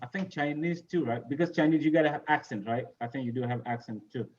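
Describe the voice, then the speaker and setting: A man's voice: mid-range voice, fast, lo-fi sound. A man teaching English pronunciation to a class over a video call, casual and repeating "you know" and "right?".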